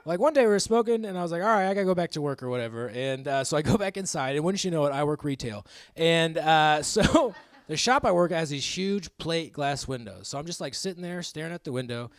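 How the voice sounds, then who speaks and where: A man's voice: a little high, lively intonation, fast talker, dry recording. A man in his thirties doing a stand-up comedy set on a club stage, rambling and self-mocking, laughing at his own jokes. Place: comedy club stage before a live audience.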